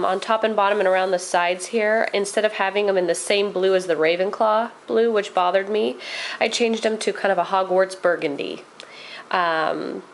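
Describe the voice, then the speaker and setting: A woman's voice: mid-range voice, slight background noise, rough recording. A woman vlogger chatting casually as she shows her craft project, rambling a little with frequent ums. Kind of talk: casual show-and-tell.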